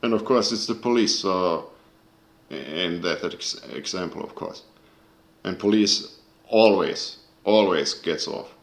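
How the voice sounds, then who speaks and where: Deep-voiced man ranting angrily, echoey room. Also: slow. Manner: angry, profane, searching for words. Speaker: video creator. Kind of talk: casual rant to camera.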